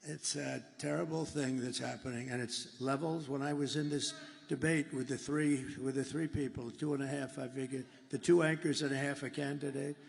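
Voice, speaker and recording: Speaking at normal speed in a steady, gravelly, medium-pitched voice, a male candidate delivers a rambling, forceful speech at a large rally hall. He repeats himself for emphasis, and the hall sounds echoey with faint ambience.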